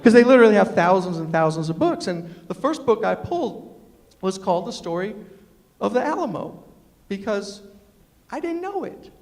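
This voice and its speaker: A middle-aged man telling funny stories to a live audience in an animated way, quoting people and asking the crowd questions. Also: sits high, moderate pace. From New York City. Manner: animated, quotes people in acted voices, asks the audience questions. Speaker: storyteller and humorist. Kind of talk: comic storytelling talk to a live audience. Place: university lecture hall. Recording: long reverb of a lecture hall.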